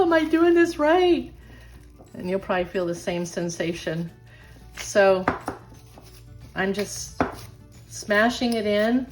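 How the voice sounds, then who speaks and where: Chatty older woman teaching a craft. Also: medium pitch. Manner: chatty, self-deprecating, encouraging. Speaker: craft channel host. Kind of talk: casual craft tutorial.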